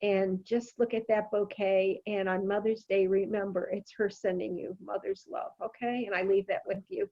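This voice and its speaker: A woman medium giving a spirit message softly and reassuringly, often checking in with "okay?". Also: medium pitch, level tone, normal speed, few pauses, dull audio. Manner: soft, reassuring, repeats "okay?". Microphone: video call.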